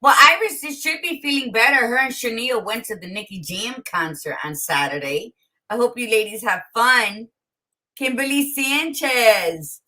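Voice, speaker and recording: Bright-voiced woman mixing English and Spanish. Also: a little high, normal speed. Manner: lively, switches between English and Spanish, laughs often. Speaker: co-host. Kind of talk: casual morning chat. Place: home, by a window.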